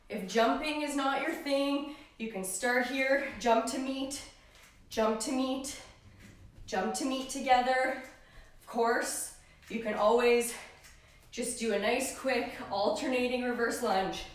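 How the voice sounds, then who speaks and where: High-voiced woman coaching a home workout. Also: recorded from a distance. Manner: encouraging, cueing breath and form. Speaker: fitness trainer. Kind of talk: live home workout instruction. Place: living room at home. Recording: very echoey room, voice off-mic.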